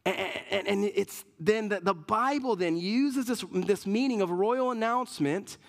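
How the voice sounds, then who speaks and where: A man's voice: sits high, unhurried, creaky. A male pastor preaching a sermon in an earnest, emphatic way, often repeating words and restarting his sentences.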